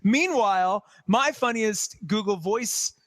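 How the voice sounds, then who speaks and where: A man co-hosting a podcast, chatting casually about tech as an animated, rambling storyteller. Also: sits high, slow, no room sound. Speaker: podcast co-host.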